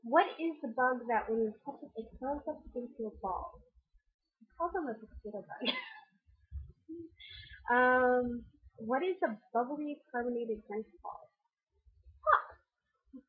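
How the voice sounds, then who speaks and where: Woman vlogger, husky and fairly high, unhurried, casual chat, tinny lo-fi sound. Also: animated. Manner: chatty, reads a word list aloud, giggles between answers. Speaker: vlogger hosting her channel.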